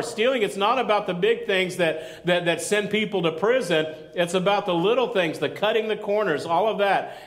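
A man's voice: sits high, fairly bright tone. A male pastor preaching a sermon in a loose, conversational way, with joking asides and calls for amen.

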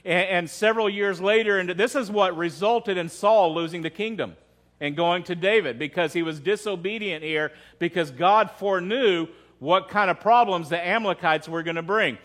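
A high-pitched man delivers a church sermon as pastor. His talk is loose and conversational, with frequent questions to the listeners and repeated words as he finds his way through a thought. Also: moderate pace, a bit bright. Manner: conversational, asks the congregation questions.

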